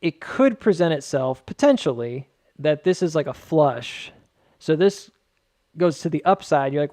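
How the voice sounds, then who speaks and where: Rambling, fairly high-voiced man explaining charts. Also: animated, measured pace, a little mellow, no echo, studio quality. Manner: rambling with joking asides; filler-heavy, many "like"s. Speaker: market charting host. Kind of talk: casual chart walkthrough.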